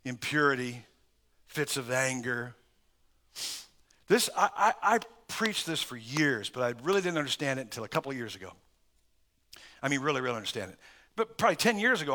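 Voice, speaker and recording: A middle-aged pastor delivers a sermon at medium pitch. He swings between loud, emphatic stresses and soft asides, chuckling as he runs through lists.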